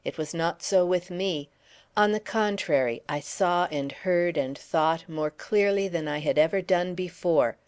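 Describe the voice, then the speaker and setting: A woman's voice: lowish voice, measured pace. Woman narrating a classic novel. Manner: steady first-person storytelling. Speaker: audiobook narrator. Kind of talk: scripted narration.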